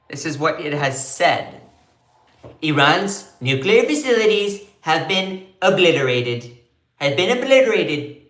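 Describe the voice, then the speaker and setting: A man's voice: a little high, fairly bright tone, echoey room. A man hosting a live political commentary stream, emphatic and prone to repeating phrases.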